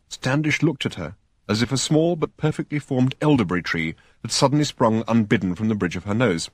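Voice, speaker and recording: A man reading an audiobook in an expressive, storytelling manner. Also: mid-range voice, brisk, no room sound, studio quality. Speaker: audiobook narrator. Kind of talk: scripted narration.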